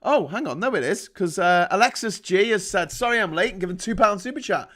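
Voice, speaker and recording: A man's voice: sits high, expressive, a little fast, fairly bright tone. A man hosting a live stream, delivering profane, sarcastic, heated commentary. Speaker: livestream host.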